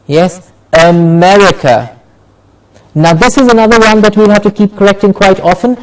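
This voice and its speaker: Slow-spoken male pronunciation teacher. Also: high-pitched. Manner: slow, drawn-out modelling of words. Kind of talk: classroom lesson. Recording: voice from far off the mic.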